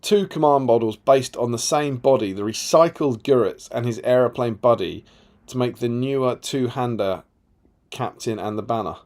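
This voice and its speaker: A man's voice: mid-range voice, moderate pace, darkish tone. Man chattily reading stream comments. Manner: reads viewer comments aloud, chatty with laughs. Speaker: co-host reading chat comments. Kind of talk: casual live-stream chat.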